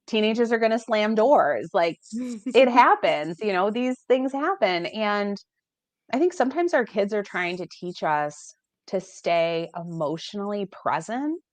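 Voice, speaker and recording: A woman's voice: medium pitch, no room sound. An American woman in casual conversation, talking animatedly and acting out quoted dialogue, heard over a video call. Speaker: guest life coach. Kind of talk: casual chat.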